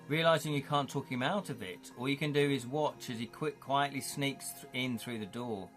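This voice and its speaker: A man's voice: mid-range voice, normal speed, hardly any pauses, fairly bright tone. Man, live-stream host, chatty and jovial, narrates game, faint music behind. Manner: jovial, chatty, reads chat aloud. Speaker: streamer running an interactive gamebook.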